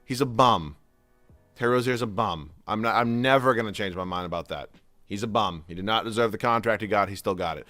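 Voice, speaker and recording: A man's voice: lowish voice, fairly quick, pushed and bright, no room sound, soft background music. Profane ranting gamer guy, dry sound. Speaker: gaming YouTuber. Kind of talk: gameplay commentary.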